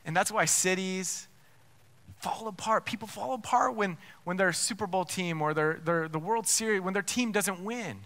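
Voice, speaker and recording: A man's voice: high voice, normal speed, fairly bright tone. A man preaching a sermon as pastor, emphatic, with rhetorical questions and frequent restarts.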